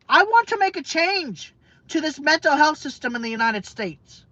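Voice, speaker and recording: Brief: woman vlogger, fairly high voice, heated repetitive rant, dry lo-fi recording. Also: big pitch swings, bright, forceful tone, dry recording. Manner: emphatic, repetitive, profane, halting with fillers. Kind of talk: emotional rant to camera. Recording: dull lo-fi dry sound.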